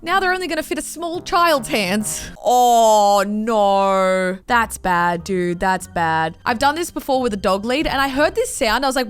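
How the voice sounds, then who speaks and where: A woman with an Australian accent hosts a comedic reaction video, talking animatedly, swearing and acting out what people might say. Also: a little high. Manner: animated, swears, acts out quotes in put-on voices. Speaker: YouTube host reacting to posts.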